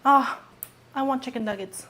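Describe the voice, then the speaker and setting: A woman streamer with a slightly high voice chats casually to her audience. She rambles in loose, offhand phrases, swears freely and often seems to be talking to herself. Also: moderate pace, fairly bright tone, poor audio. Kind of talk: casual live-stream chat.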